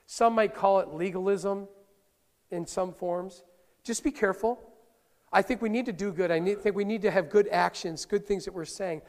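Pastor, man, middle-aged; high, gravelly voice, conversational sermon with playful asides, reverberant church hall. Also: fairly even intonation, moderate pace. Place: church sanctuary.

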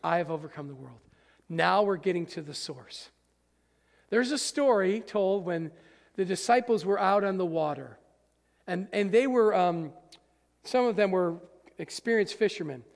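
A man preaching a sermon to his congregation, emphatic, swinging between hushed and loud, speaking to them directly. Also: high-pitched, vocal fry. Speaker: pastor. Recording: long reverb of a large hall.

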